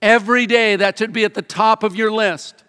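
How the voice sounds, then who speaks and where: Pastor, male, middle-aged; bright high voice, earnest sermon delivery, hall reverb. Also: fairly even intonation, clear, resonant tone. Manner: earnest, encouraging, slows for emphasis. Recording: long reverb of a large hall.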